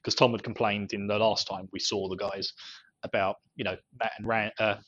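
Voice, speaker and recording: Husky guy chatting about a book on a podcast, laughs loads, kinda lo-fi dry sound. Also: on the low side, little pitch movement, normal speed, fairly bright tone. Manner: chatty, laughs often, many fillers. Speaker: podcast host. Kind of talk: casual book discussion chat. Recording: slightly dull lo-fi audio.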